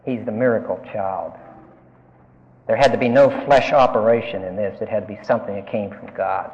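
A man's voice: fairly low pitch, fairly quick, a little mellow, big-room sound, dull audio. A man giving an emphatic Bible-teaching lecture, putting questions to his listeners as he explains. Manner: emphatic, asks the class questions.

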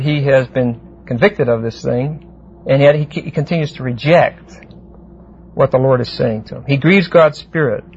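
A man teaching a verse-by-verse Bible class, explaining Greek words deliberately and often asking the class "see?". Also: on the high side. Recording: muffled lo-fi classroom tape with faint hiss.

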